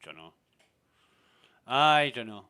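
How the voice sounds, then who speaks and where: A man's voice: mid-range voice, slow pace, bright, forceful tone, clean tone. Blunt swearing man venting. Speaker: streamer. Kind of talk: casual gaming chat.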